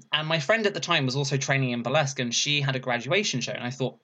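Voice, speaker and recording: An animated young man tells his story as an interview guest. He laughs often and raises his voice high whenever he acts out what someone said. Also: fast talker, lo-fi sound. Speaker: interview guest, burlesque performer.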